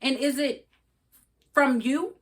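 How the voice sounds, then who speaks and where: A woman's voice: high voice, slow pace. A woman co-hosting a casual chat, giving earnest, coaching advice and laughing often. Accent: regional accent. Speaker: podcast co-host.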